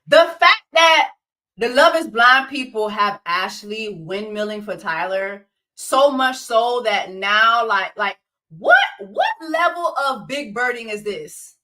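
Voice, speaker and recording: Brief: woman host, loud incredulous commentary with lots of swearing, sharp bright tone. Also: a little high, takes it slowly. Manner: animated, profane, incredulous rants. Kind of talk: casual reality-TV commentary livestream.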